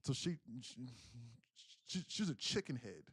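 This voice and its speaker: A man's voice: mid-range voice, big pitch swings, a little slow, a bit bright, slightly rough, no room sound, studio quality. A man in his thirties telling a profane, emphatic story on a day trading livestream, with frequent restarts.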